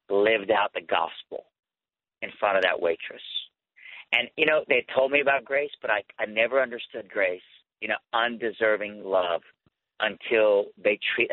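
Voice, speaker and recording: A man tells his personal testimony in an earnest, conversational way, his emotion building as he goes. His voice sits somewhat low and comes through a dry, tinny phone line. He is a guest calling in to a radio show. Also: no echo. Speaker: guest speaker and author.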